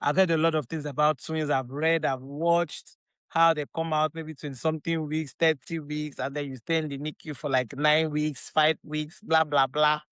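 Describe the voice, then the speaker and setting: A woman with a Nigerian accent talks as a podcast guest. Her voice is smooth and clean, with an animated, emphatic delivery that circles back on its own phrases. The recording is close and dry, with no room sound. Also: deep voice, normal speed, no room sound. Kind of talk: casual chat.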